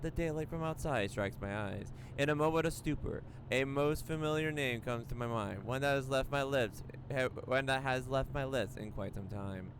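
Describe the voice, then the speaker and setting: A man's voice: mid-range voice, slight background noise. A young man streaming a game, reading its story aloud with stumbles and reacting with laughs. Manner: animated, stumbling reads, frequent laughs. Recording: voice over loud game music. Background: game music.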